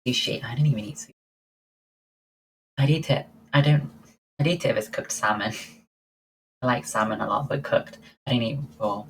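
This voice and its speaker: A woman's voice: rumbling low, moderate pace, long pauses, a little hiss or hum, low-quality recording. A woman livestreaming, chatting casually and answering her viewers' messages one by one. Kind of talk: casual chat with live viewers.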